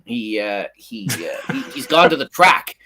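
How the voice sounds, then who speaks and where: A man's voice: lowish voice, measured pace, slight background noise. A man co-hosting a casual live talk show, telling stories animatedly and restarting his sentences often. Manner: animated storytelling with many restarts. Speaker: co-host. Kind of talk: casual chat.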